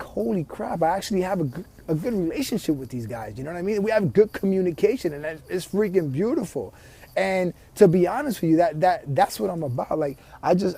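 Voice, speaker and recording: A man talking straight to his viewers in a motivational vlog, a life coach in an earnest, direct way. His voice sits somewhat high and sounds mellow and relaxed. He often restarts and repeats words as he goes. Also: breathy edge.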